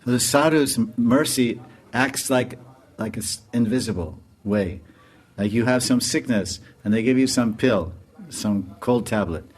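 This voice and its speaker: A man giving a storytelling sermon as a spiritual teacher, animated and laughing as he tells it. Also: medium pitch, unhurried. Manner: animated, laughs while telling.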